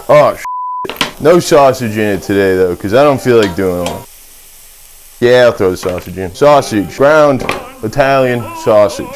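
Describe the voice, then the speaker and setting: A young man with a Midwestern accent, hosting a casual cooking vlog in his home kitchen, grumpy and sarcastic and swearing often. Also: mid-range voice. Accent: Midwestern American. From Michigan. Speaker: cooking video host.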